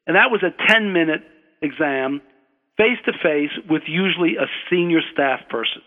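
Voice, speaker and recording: An older American man slowly tells a rambling personal anecdote on the radio, correcting himself as he goes. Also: a little high, animated. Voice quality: unhurried, digressive, self-correcting. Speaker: storyteller, guest. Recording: tinny phone-like radio line with long hall reverb.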